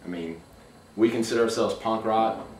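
Speaking at a normal pace in a lowish, slightly mellow voice, this man, who plays guitar and sings, gives relaxed band-interview answers packed with "you know." He's at a music venue, captured from far off in an echoey room with background noise.

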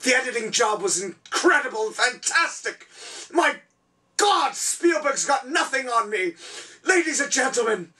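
Shouty, flamboyant high-voiced male host. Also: big pitch swings, unhurried, recorded from a distance. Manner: theatrical, flustered, shouty, self-aggrandizing. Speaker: comedy talk show host character. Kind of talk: over-the-top comedic hosting.

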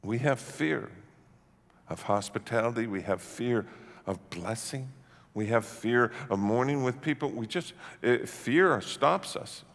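Bright-voiced Canadian pastor preaching. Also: male voice, mid-range voice, expressive, measured pace. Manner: emphatic preaching, swinging from hushed to shouting. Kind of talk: sermon. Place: church sanctuary. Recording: long church-hall reverb.

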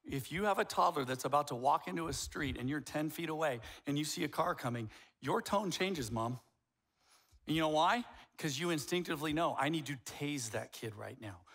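A man's voice: a little high, fairly quick, fairly bright tone. A man in his fifties preaching a sermon as a pastor, blunt and emphatic, with wry jokes.

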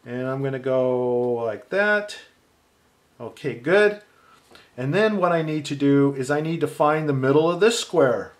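A man teaching a step-by-step drawing lesson, calmly thinking aloud as he measures and marks lines. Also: mid-range voice, measured pace. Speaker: art teacher.

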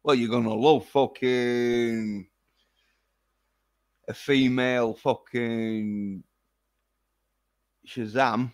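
A man's voice: medium pitch, steady tone, drawn-out words, pauses often, no echo, studio quality. A man putting on the voice of a sneering man who mocks an online critic, talking in a taunting, profane way.

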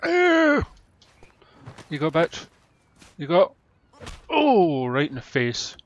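A man commentating his gameplay, loud and excitable, swearing often. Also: on the high side, takes it slowly, muffled recording. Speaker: gamer. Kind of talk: let's-play commentary.

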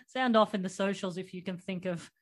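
A woman's voice: mid-range voice, normal speed. A woman hosting a podcast, recapping a movie in casual chat and laughing often. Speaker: podcast host.

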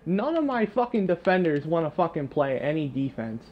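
Swearing, frustrated young gamer ranting. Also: male voice, a little high, sing-song, moderate pace, narrow, tinny audio. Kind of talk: live gameplay commentary.

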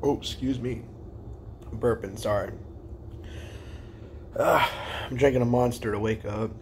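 A young man talks through his day in a casual vlog, with an excited, rambling delivery full of restarts. He sounds a little tired after little sleep, and his voice sits in a middle pitch. A faint background noise is heard. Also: a little slow. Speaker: vlogger.

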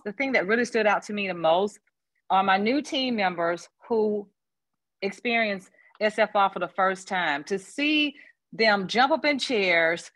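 A woman's voice: medium pitch, fairly bright tone, no room sound. Gushing woman on a dry video call. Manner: gushing, rambling, laughs often. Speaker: sales consultant on a panel. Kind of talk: casual chat on a video call.

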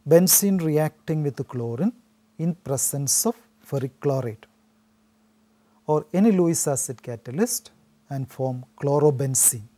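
A man teaching chemistry in a steady, explanatory lecture. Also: fairly high pitch, a little slow. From India. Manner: steady explanatory delivery with frequent "so" restarts. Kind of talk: recorded classroom lecture.

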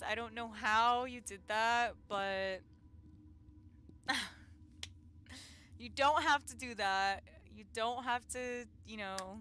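A woman's voice: on the high side, sharp tone, a little hiss or hum. A young woman streamer chatting casually with viewers, giggly, flustered and emotional. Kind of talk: casual live-stream chat.

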